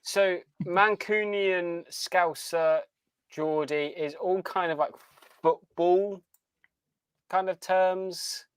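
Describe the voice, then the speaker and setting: A man's voice: high-pitched, steady tone, extremely slow, clean tone, no room sound. An English man with a southern accent, a podcast co-host explaining things in casual chat over a video call, often restarting his sentences. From Northumbria, England.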